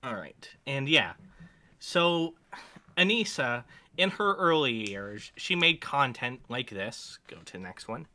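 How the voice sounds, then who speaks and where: Blunt, very bright-voiced man. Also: medium pitch, sing-song, slow pace. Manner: blunt and crude, many fillers. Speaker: podcast co-host. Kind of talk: casual commentary chat.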